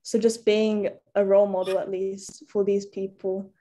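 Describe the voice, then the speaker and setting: Mellow-voiced woman ballplayer speaking earnestly. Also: medium pitch, flat delivery, moderate pace. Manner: earnest, reflective, with hesitations. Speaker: baseball player. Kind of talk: panel discussion.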